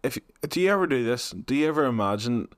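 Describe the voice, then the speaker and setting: A man's voice: medium pitch, expressive, quick pace, smooth, no echo. Young northern irish guy goofing around on a podcast, close dry mic. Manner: playful, jumps into silly voices. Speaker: podcast co-host. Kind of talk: casual chat.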